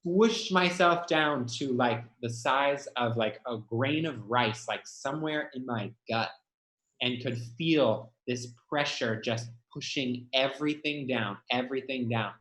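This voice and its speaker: A man's voice: mid-range voice, slow pace, fairly bright tone. Candid man in an echoey room. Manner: emotional, confessional, heavy filler "like", swears. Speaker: guest. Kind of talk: candid conversational storytelling.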